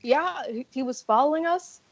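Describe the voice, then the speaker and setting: A woman's voice: high voice, moderate pace, no room sound. A woman speaking casually as a player in a tabletop game, hesitant and full of fillers. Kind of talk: casual in-character tabletop play. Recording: dull lo-fi sound.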